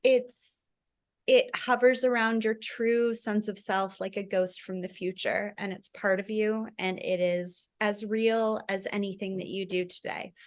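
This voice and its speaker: A woman's voice: medium pitch, flat delivery, measured pace. A woman in her thirties, a guest author in a casual online conversation, speaking reflectively with frequent "like" fillers and laughter.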